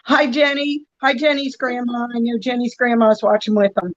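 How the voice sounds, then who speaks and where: Woman guest on a video call, higherish voice, slow easy talk, kinda muffled audio. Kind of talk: casual video-call chat.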